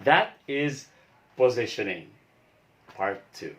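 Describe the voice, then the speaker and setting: A man teaching voice with an unhurried delivery, walking through each step patiently. His pitch rises and falls widely as he demonstrates yawns and sung notes. He talks like a pastor coaching his choir. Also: very animated, a bit bright. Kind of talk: singing lesson.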